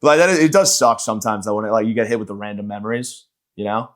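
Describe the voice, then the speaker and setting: A man's voice: on the low side, fast talker. A man hosting a podcast, ranting in a profane, sarcastic, rambling comedic style. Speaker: podcast host and stand-up comedian. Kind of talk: casual comedic rant.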